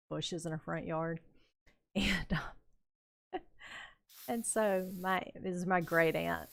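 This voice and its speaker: An older woman streaming a building game, telling rambling, unhurried stories about her youth with plenty of fillers and chuckles. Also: on the low side, fairly even intonation, vocal fry. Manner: rambling, unhurried anecdotes with frequent fillers and laughs. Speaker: gaming streamer. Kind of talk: casual storytelling while building in a game.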